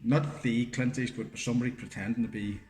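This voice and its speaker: The middle-aged co-host here sounds steady and a little mellow, medium in pitch and quick. Recorded in an echoey room, he chats casually and tells a meandering story full of fillers and swearing.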